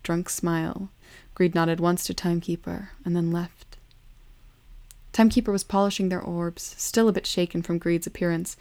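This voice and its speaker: Calm woman storyteller, low even delivery, dry close sound. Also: no echo. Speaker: narrator. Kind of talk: storybook narration.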